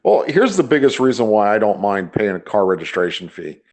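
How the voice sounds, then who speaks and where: Casting: male podcast co-host, low-ish voice, opinionated, stammers into his points. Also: sing-song, brisk, darkish tone. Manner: repeats words when starting sentences. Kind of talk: casual chat, opinionated rant.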